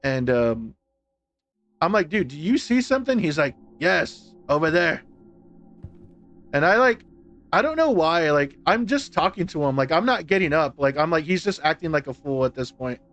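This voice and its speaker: A man's voice: on the high side, very animated, moderate pace, fairly bright tone. A man on a live stream telling a personal story in a rambling, casual way, full of "like" and restarts and some swearing. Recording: faint music behind. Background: faint music.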